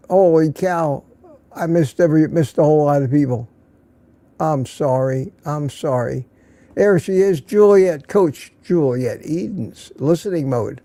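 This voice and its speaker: A man's voice: a little high, a little slow, dark tone, no echo. A man hosting a casual evening livestream, chatting and greeting viewers by name with small jokes. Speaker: livestream host.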